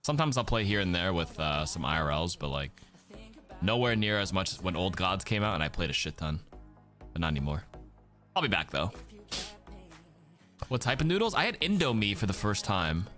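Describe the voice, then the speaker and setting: Low-voiced streamer dude rambling to chat, swears a lot, voice bounces around, bit of music behind. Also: male voice, sing-song, normal speed, pauses often, fairly bright tone. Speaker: streamer hosting a watch party. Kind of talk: casual chat.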